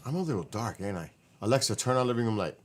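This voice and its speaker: A tired livestream host rambles casually to his viewers from his living room, his lowish voice expressive and fast, with slight background noise. He corrects himself often and talks to chat as his voice wears out.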